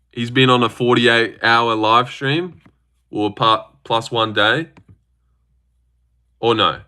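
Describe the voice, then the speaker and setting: A young Australian man hosting a casual livestream, reading viewer comments in a brash, animated way with lots of swearing. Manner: animated and brash, swears a lot, big pitch jumps. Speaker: livestream host.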